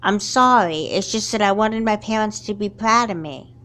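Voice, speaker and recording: A woman voicing a remorseful schoolgirl who quietly apologizes to her friend in a fan doll movie. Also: medium pitch, moderate pace, lightly acted. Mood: apologetic. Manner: soft, apologetic.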